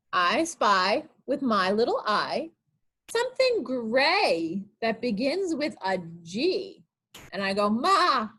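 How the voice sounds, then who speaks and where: A woman's voice: fairly high pitch, a bit bright, breathy edge. A woman, a children's librarian, reading picture books aloud during an online storytime, asking small children sing-song guessing questions.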